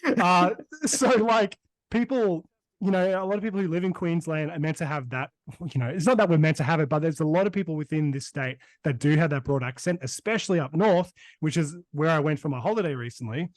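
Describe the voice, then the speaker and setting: Brisbane-accented male co-host, rambling and casual, a bit high-pitched, dry sound. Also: animated, quick pace, darkish tone, no room sound. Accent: Brisbane Australian. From Australia. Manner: rambling, many fillers. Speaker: podcast co-host. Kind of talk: casual chat.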